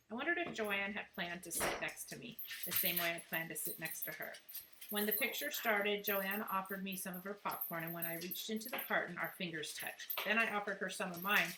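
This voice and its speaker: A woman reading a children's book aloud, lively and expressive. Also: fairly low pitch. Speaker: reader. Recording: echoey room, faint noise.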